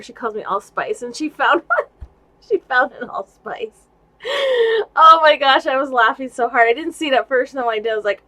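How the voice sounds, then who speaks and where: A woman vlogging casually about craft gifts she received, gushing and excitable and laughing often, at home indoors. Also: medium pitch, rough recording. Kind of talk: casual show-and-tell vlog.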